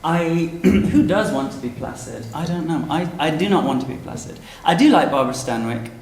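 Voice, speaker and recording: A man's voice: fairly high pitch, animated, normal speed, darkish tone. Author guest: a man with a raised voice, chatty and theatrical, laughing often, miked in an echoing hall. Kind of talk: stage interview at a book launch. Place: event venue before an audience. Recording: roomy hall.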